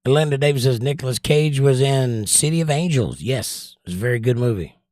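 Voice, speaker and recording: Talking a little fast with lively intonation, a Southern livestream host reads out viewer comments and replies with confident, opinionated movie picks. His middle-pitched voice is a little mellow and the mood casual, and the recording is dry and close with no echo.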